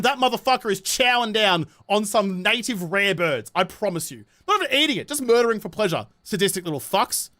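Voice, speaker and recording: A man's voice: high-pitched, bright, forceful tone. A man with a New Zealand accent, streaming a game and chatting casually, swearing often and ranting passionately. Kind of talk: casual livestream chat while gaming.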